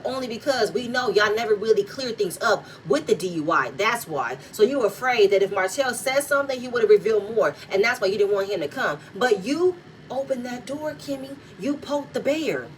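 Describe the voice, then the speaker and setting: A woman's voice: mid-range voice, animated, brisk. A woman, recapping a reality show in blunt, profane, heated commentary. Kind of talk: casual reaction commentary. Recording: distant mic with faint noise.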